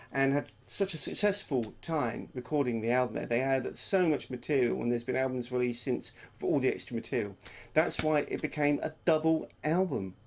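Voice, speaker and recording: A man's voice: medium pitch, gravelly. A man presenting a classic album feature, chatty with wry asides. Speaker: music segment presenter.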